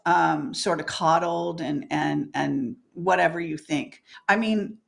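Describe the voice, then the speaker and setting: A woman's voice: on the low side, creaky. A woman guest in a candid spiritual interview, talking emphatically, swearing freely and laughing often.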